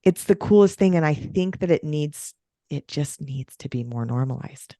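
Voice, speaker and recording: A woman who runs breathwork sessions, chatting on a podcast and telling stories with an animated, swooping delivery. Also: normal speed, no echo, studio quality. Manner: animated storytelling, big pitch swings. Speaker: breathwork facilitator. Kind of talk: podcast conversation.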